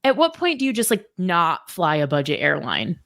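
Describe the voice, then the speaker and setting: A woman's voice: fairly low pitch, wildly swooping pitch, normal speed, fairly bright tone. A woman co-hosting a radio show, reading news items and chatting and laughing with the host. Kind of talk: casual chat and news reading. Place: radio studio.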